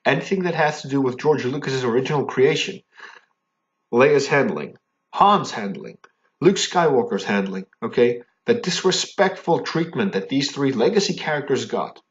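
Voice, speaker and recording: A fan commentary vlogger rants angrily at his viewers, heated and indignant, in a medium-pitched male voice with big pitch swings at a normal speed, the highs cut off. He stumbles over his words, tags his points with "okay?", and repeats and restarts himself as he gets worked up.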